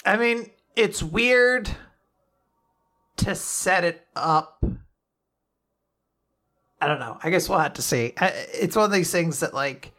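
A male podcast host with a bright, forceful voice that sits a little high for a man. He chats casually and keeps things animated, often slipping into quoted lines as he talks. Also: takes it slowly, long pauses. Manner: animated, fond of acting out quotes.

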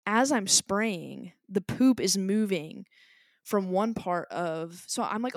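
A woman's voice: mid-range voice, measured pace, dry recording, studio quality. A woman in her twenties co-hosting a podcast, telling a story in casual chat and acting out what people said. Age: 20s. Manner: animated storyteller acting out quotes. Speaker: podcast co-host.

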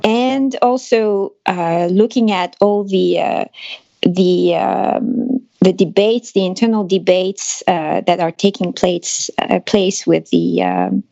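A woman with a French accent, a guest analyst answering interview questions thoughtfully with many pauses and fillers. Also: lowish voice, steady tone, vocal fry, mellow, no echo, highs cut off. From France. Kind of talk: podcast interview.

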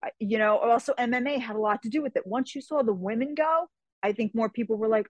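A woman chats as an interview guest, telling stories with lots of life and slipping into quick voices for other people. Her voice sits a little high, and the recording is dry and close with no room sound. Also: dry recording. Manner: animated, acts out others' lines in quick voices; laughs between phrases. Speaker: guest, fantasy novelist and martial artist. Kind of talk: casual interview storytelling.

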